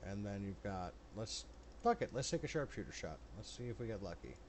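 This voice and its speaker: Blunt, lower-voiced man running the game. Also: animated, a little hiss or hum. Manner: brisk, blunt, swears casually. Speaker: game master.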